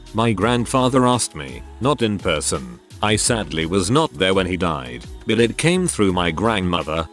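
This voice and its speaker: A man reading online posts aloud as a channel narrator. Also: lowish voice. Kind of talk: scripted narration. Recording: faint music underneath.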